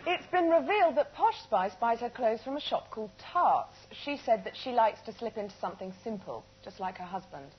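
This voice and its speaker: A woman's voice: fairly high pitch, animated, fairly quick, hardly any pauses. A woman co-presenting satirical news, delivering jokes dryly. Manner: dry punchline delivery. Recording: dull TV audio, loud noise.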